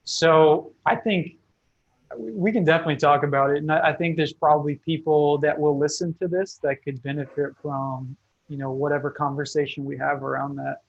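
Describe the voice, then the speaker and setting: A man guest on a podcast, answering in a measured, thoughtful way with fillers, heard over remote call audio. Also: fairly high pitch, steady tone, vocal fry, muffled recording. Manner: measured, thoughtful, uses fillers like you know. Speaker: podcast guest, brand founder. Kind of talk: reflective interview answers.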